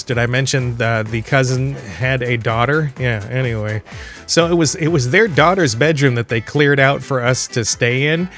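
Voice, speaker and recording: A man's voice: medium pitch, fairly bright tone. A man from Michigan hosting a gaming channel, telling a casual, rambling story with chuckles and restarts. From Michigan, USA. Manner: rambling, chuckling, self-correcting. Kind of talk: casual storytelling over gameplay. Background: faint video game music.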